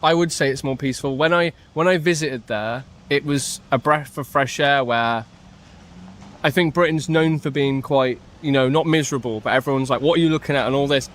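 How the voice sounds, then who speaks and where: A man's voice: medium pitch, fairly quick, fairly bright tone. Hesitant man in a street interview. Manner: hesitant, careful, restarts.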